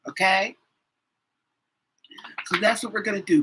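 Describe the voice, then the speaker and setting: A woman's voice: lowish voice, measured pace, pauses often, noisy background. A woman tarot reader chatting casually on a live stream, rambling with many fillers and yawning often.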